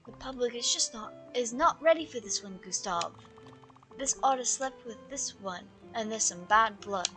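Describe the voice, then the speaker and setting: A woman's voice: on the high side, animated, normal speed, pushed and bright, faint music behind. A woman voicing a pompous, aging male art curator in a put-on British accent, reading game dialogue aloud with grandiose, theatrical phrasing. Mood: indignant.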